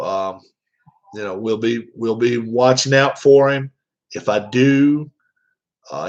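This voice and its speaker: A man chatting casually to his viewers, rambling, with many fillers and restarts. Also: medium pitch. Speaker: vlogger. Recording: dull lo-fi sound.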